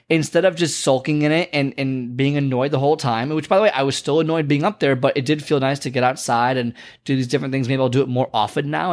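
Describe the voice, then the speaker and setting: A young man with a medium-pitched voice tells a story in a loose, rambling way. He talks casually and fills his sentences with likes and ums. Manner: rambling, chatty, lots of fillers. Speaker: vlogger and motivational speaker.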